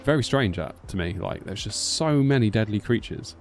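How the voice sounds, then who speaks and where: A man's voice: lowish voice, normal speed, soft background music. Rambling British man chatting on stream. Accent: British English. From United Kingdom. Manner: rambling storyteller, animated, acts out quotes. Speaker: flight sim streamer. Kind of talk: casual live-stream chat.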